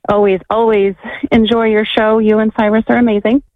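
A woman's voice: on the high side, flat delivery, a little fast, no echo. A woman calling in to a radio show, telling her story in a chatty, rambling way with lots of fillers. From California. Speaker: caller. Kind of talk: phone call to a radio show. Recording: tinny phone line.

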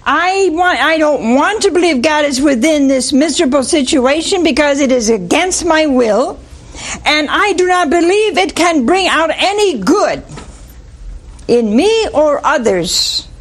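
A woman preacher delivers a folksy sermon, telling stories at a measured pace in a high, animated voice. She chuckles often and tosses in asides like "see?"

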